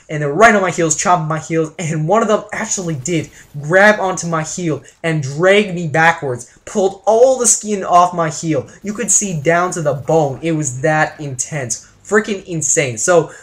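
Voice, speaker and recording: A young man from Canada telling a wild story to his viewers in a joking, exaggerated vlog style. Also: on the high side. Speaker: vlogger.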